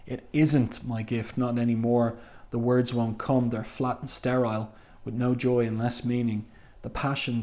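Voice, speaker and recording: A man's voice: mid-range voice, a little mellow, close to an everyday voice. A man reading the lines of a despairing adult male writer, in his own voice.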